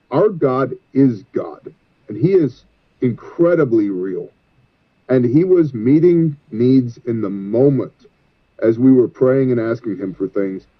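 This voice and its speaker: A man who leads a disaster relief ministry, telling stories earnestly and with a preaching tone as an interview guest. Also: mid-range voice. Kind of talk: guest interview over the phone. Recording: tinny phone line.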